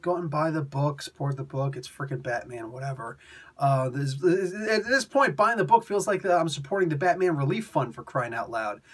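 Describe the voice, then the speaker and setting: A man's voice: sits high, a bit bright, husky. A man reviewing a comic book in a casual, rambling rant, exasperated and full of mocking put-on quotes. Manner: exasperated, rambling, mock-quoting.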